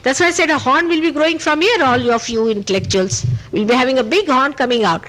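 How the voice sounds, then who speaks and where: A woman's voice: fast, rough recording. A woman with an Indian accent gives a spontaneous spiritual talk on an old tape recording, answering questions emphatically and repeating "you see". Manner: animated and emphatic, pitch rising on key points; speaks in short repeated phrases with "you see". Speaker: spiritual teacher.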